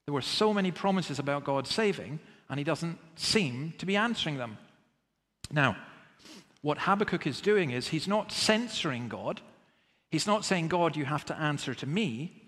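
A man's voice: fairly high pitch, lively intonation, moderate pace, fairly bright tone, big-room sound. A man preaching a sermon in an earnest, emphatic way, often asking rhetorical questions.

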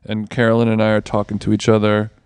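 A man's voice: lowish voice, monotone, quick pace, darkish tone, clear, resonant tone, no room sound. A man co-hosting a podcast, telling a rambling, profane anecdote in casual chat. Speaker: podcast co-host. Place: basement of a villa.

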